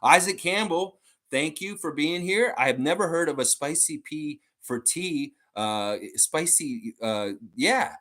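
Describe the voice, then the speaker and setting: A man's voice: on the high side, measured pace. A man hosting a fan channel livestream in a casual, rambling chat, reading out viewer comments and talking on at length. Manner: rambling and animated, with many fillers like "and stuff like that".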